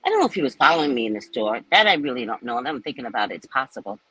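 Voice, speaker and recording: A woman's voice: rumbling low, racing, slightly rough, rough recording. A woman in her sixties, a psychic host, chatting casually to viewers and acting out the people in her stories. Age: 60s. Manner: animated, chatty, acts out quotes. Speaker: psychic reader and live host.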